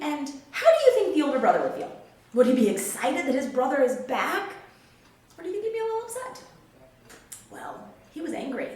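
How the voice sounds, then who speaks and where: A woman telling a Bible story to children in an animated way, acting out the characters' lines. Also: sits high, far from the mic. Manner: animated, acts out characters' quotes. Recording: very echoey room, faint background noise.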